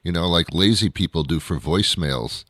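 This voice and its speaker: A man's voice: low voice, moderate pace, a bit bright, no room sound, clean studio sound. A man hosting his talk show in a casual rambling monologue, sardonic and grumbling, with many fillers and restarts.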